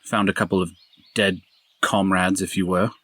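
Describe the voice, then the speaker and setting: A man's voice: deep voice, flat delivery, moderate pace, a bit bright, dry recording. A man playing a tabletop game, talking in a casual, matter-of-fact way. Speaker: player.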